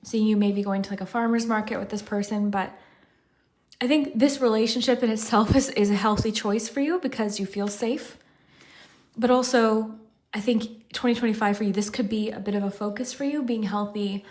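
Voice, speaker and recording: A woman's voice: mid-range voice, steady tone, moderate pace, a little mellow. A woman giving a casual pick-a-card tarot reading, out of breath and rambling with lots of fillers. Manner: chatty, rambling, many "like" fillers. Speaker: tarot reader.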